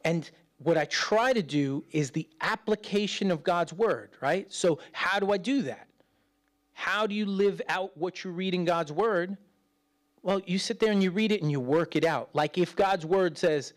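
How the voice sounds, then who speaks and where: A man's voice: high-pitched, a little slow. Conversational middle-aged male pastor preaching. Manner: conversational preaching, acts out quoted voices, lively shifts between loud and hushed. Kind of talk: sermon.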